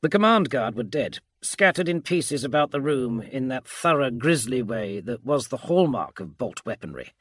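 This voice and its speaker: A man giving calm, measured bedtime audiobook narration of a science fiction story. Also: mid-range voice, slightly rough, dry recording, studio quality.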